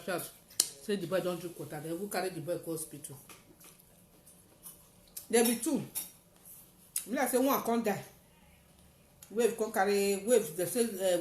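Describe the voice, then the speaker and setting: A woman's voice: lowish voice, moderate pace, pauses often. A woman speaks with a Nigerian Pidgin accent, telling a personal story with theatrical force and acting out the cries of the people in it. Her voice carries a roomy echo, and faint noise sits behind it. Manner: dramatic storytelling, acting out shouts. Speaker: testifier.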